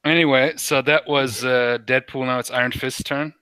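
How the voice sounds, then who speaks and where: A man's voice: medium pitch, fairly even intonation, moderate pace, pushed and bright, clear, resonant tone, no room sound. A young man running a tabletop game in a casual, easygoing way. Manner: casual, easygoing, laughs often. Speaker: game master.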